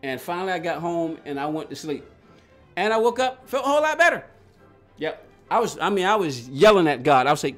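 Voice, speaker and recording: A man's voice: on the high side, big pitch swings, brisk, fairly bright tone, faint music behind. A man streaming a racing game live, telling a rambling story with many restarts and answering his chat as he goes. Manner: reads and answers chat aloud. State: agitated while recounting.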